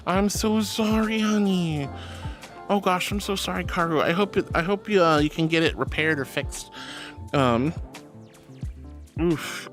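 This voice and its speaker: A woman streamer reading out chat messages in a bubbly, affectionate way, calling her viewers sweetheart and darling. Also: fairly bright tone. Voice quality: squeaky laugh.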